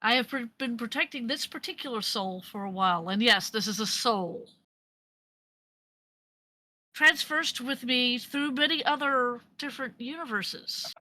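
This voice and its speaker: A woman's voice: a little high, a little slow, poor audio. Woman voicing a wry motherly spirit. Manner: polite, dry, gently scolding.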